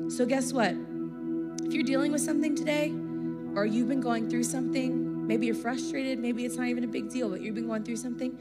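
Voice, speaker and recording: Young woman preacher, high bright voice, chatty slangy youth-conference talk. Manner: chatty and slangy, laughs often. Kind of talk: casual energetic sermon. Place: church conference hall, live audience.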